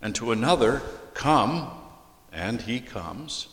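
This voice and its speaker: A man preaching an expository sermon as a pastor, deliberately reading scripture aloud and explaining it. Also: mid-range voice, expressive, a bit bright. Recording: echoey hall with long reverb.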